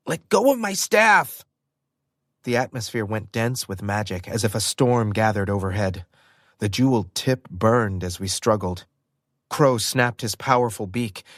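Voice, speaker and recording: A man reading a first-person audiobook in an expressive storytelling manner. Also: mid-range voice, no echo, studio quality. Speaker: audiobook narrator.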